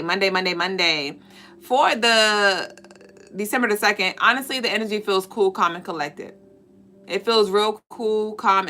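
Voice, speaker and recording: Bright-voiced woman giving a spiritual reading. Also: on the low side. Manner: repetitive, affirming, addresses viewers directly. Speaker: spiritual reader and host. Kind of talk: live-stream spiritual reading.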